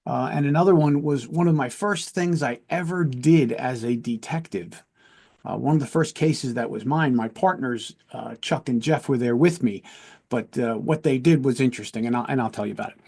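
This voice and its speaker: A man's voice: medium pitch, a little mellow. Earnest man hosting a storytelling podcast. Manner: earnest, conversational, often checks in with "right?". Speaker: podcast host and police lieutenant. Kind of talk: casual storytelling.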